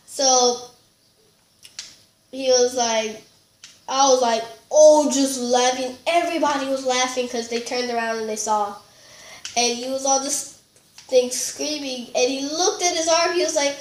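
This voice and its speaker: A high-voiced woman tells a story in loose, casual chat, giggly and rambling with plenty of fillers. Her voice bounces around an echoey room. A faint hiss sits under it. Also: fairly even intonation, a little slow. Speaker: storytelling vlogger.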